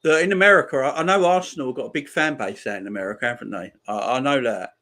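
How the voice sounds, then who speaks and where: A man in his forties, talking through a live football watchalong. He is chatty and excitable and keeps up a running banter with his viewers. His voice sits at an ordinary middle pitch. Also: fast. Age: 40s. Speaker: streamer.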